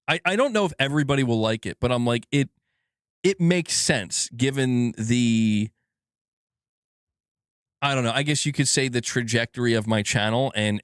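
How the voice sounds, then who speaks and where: A man's voice: mid-range voice, dry recording, clean studio sound. A man streaming casually, joking around, swearing freely and laughing at his own jokes. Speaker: gaming news streamer. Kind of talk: casual live-stream chat.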